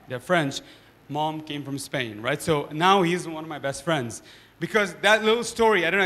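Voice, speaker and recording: A man speaking on a discussion panel, an animated storyteller who often tags his points with "right?". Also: on the high side, in a large hall. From Nepal.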